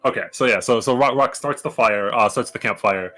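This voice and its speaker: A man's voice: medium pitch, a little fast, fairly bright tone, faint music behind. A man describing his character's actions as a tabletop game player, hesitant with many fillers.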